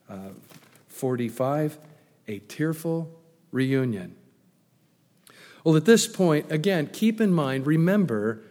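A pastor preaching a sermon, animated, loudly acting out the lines he quotes. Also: mid-range voice. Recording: long hall reverb.

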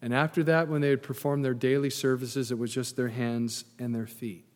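A man's voice: medium pitch, a little mellow. Preaching man in a reverberant hall. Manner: conversational preaching with asides and humor. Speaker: pastor. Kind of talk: sermon. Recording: long reverb in a large hall.

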